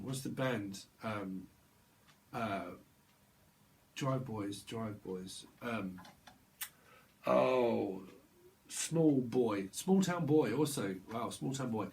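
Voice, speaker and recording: A man's voice: medium pitch, a little hiss or hum. A man giving a casual tarot reading on camera, rambling and playing with words. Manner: rambling, playful wordplay, laughs often. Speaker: tarot reader.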